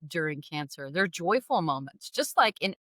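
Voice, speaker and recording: Animated, self-deprecating woman storyteller. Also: sits low, normal speed, no room sound, clean studio sound. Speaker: guest author. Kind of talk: candid personal storytelling.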